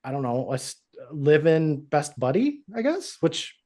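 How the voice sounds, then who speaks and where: A man's voice: fairly high pitch, a little slow. A man on a podcast, casually recapping a TV episode and acting out the characters' lines as he goes. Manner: animated, acts out characters' lines while retelling. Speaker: podcast co-host.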